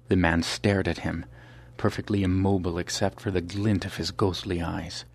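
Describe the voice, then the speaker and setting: A man narrating a thriller audiobook in a measured, suspenseful delivery. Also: deep voice, flat delivery.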